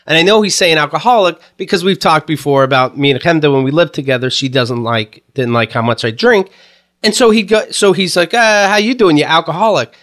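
Man, podcast co-host, high voice, swings up and down a lot, profane, laughing rants. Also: expressive, a little fast, fairly bright tone. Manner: profane, ranting, laughs often. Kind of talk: casual podcast chat.

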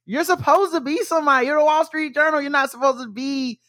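A man co-hosting a casual chat show, retelling a news story with lively quoted lines. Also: very high-pitched, fast talker, dry recording, clean studio sound. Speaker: podcast co-host.

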